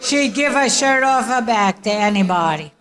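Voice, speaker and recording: A woman, a niece, sharing memories at a family memorial in a slow, halting way with many fillers. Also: on the high side, expressive, a bit bright. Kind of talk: casual memorial speech.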